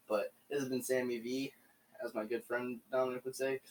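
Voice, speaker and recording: A man's voice: medium pitch, little pitch movement, fairly quick, distant mic, slight background noise, rough recording. A young man hosting his own video, talking casually into a home mic and rambling with lots of fillers and restarts. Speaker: video host. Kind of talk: casual solo commentary. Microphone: home microphone.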